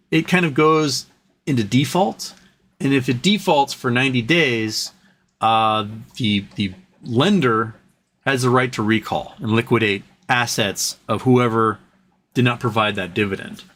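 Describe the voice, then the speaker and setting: A man hosting a casual livestream from home, rambling between topics and reading out viewer comments. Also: a bit bright. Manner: rambling, talks to his dog in a high coaxing voice. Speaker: livestream host. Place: home during a thunderstorm.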